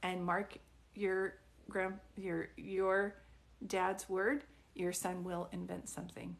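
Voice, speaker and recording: A woman giving psychic readings on a livestream, soft and soothing, calling people sweetie and honey, often restarting her sentences. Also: fairly low pitch, little pitch movement, slow, creaky. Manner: rambling, restarts mid-sentence. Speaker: psychic medium doing live readings.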